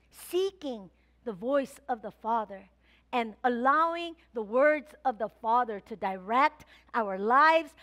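A woman pastor delivers a sermon in a church, her voice sitting high. She tells a personal story in a lively way and acts out her own past thoughts as she goes. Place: church sanctuary.

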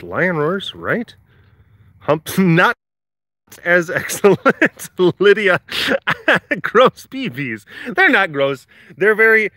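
A man's voice: on the high side, bright, forceful tone, no room sound. A man hosting a live stream, reading viewer comments with playful teasing and frequent laughter. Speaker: livestream host at a big cat facility.

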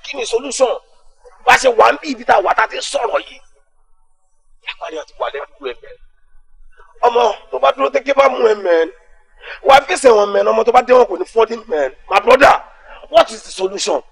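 A man's voice: very high voice, very animated, quick pace, vocal fry, pauses often, heavily acted, poor audio. An actor playing a brash young male street gang leader with a Nigerian accent, mixing Yoruba and Pidgin in a swaggering street voice. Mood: grave. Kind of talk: Nollywood film acting.

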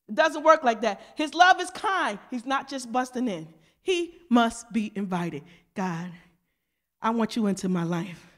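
Woman pastor, very high bright voice, chatty preaching with loud bursts. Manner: conversational preaching, mimics voices, asks the congregation questions; swings between loud emphatic shouts and quiet asides. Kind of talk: lively casual sermon.

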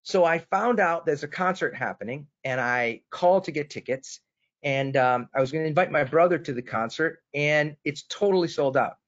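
A man's voice: fairly high pitch, normal speed, fairly bright tone. A man from Boston presenting a sales webinar, telling a story with enthusiasm and turning to his co-host by name. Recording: dull lo-fi webinar audio.

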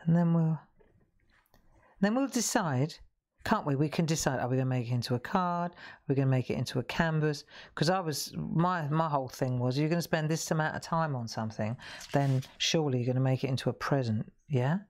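A woman in her sixties hosts a live craft demonstration with a low, deep-set voice. She talks in a rambling, friendly way and often stops and restarts her sentences as she works. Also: brisk, a little mellow. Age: 60s. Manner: chatty, rambling, self-interrupting. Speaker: craft show host.

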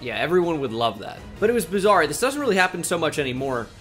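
Young male gaming host, self-mocking rambler, a bit high-pitched, soft music under him. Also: big pitch swings, quick pace. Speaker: gaming YouTuber. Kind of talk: casual gameplay commentary.

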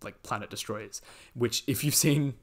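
A man's voice: mid-range voice, normal speed. A man hosting a podcast, chatting casually about a movie and recapping the plot with lots of fillers and quoted lines. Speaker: podcast host.

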